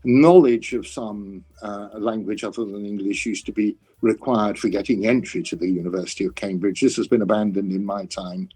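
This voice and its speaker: A man's voice: on the low side, fairly even intonation, moderate pace, hardly any pauses, mellow, husky. An older man, a classics scholar, speaking in a conversational interview with many restarts and a dry, self-mocking humor.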